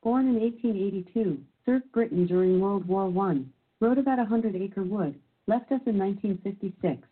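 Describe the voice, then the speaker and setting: A woman's synthesized assistant voice reading quiz clues and verdicts in a measured, even announcer manner. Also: medium pitch, breathy edge. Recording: tinny phone-like sound.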